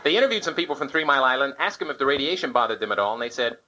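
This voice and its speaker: A man's voice: mid-range voice, expressive, very fast. A man doing a live stand-up set, firing off topical political one-liners and slipping into short sung bits. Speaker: stand-up comedian. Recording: old live club tape with loud hiss. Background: audience laughter.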